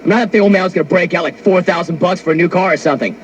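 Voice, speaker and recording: A man's voice: sits high, racing, husky, dry recording, highs cut off. A man hosting a talk radio show, telling a story in a brash, wisecracking monologue into a studio mic. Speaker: sports radio host.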